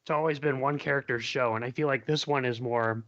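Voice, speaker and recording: A man's voice: medium pitch, fairly even intonation, a bit bright, no room sound, muffled recording. A man who is a guest on a fan podcast, chatting eagerly and chiming in agreeably. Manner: eager, agreeable, quick to chime in. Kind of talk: casual chat.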